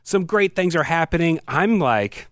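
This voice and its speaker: Podcast dad, earnest storyteller, dry close mic. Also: male voice, a little high, expressive, measured pace, no echo. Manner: storytelling, earnest, softens when moved. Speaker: podcast co-host. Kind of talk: casual chat.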